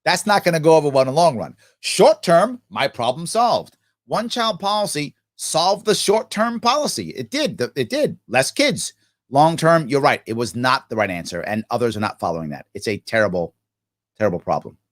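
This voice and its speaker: A man's voice: mid-range voice, very animated, normal speed. A middle-aged man hosting a live question-and-answer stream, reading viewer questions aloud and answering them with passion. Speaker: host. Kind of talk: live Q&A livestream.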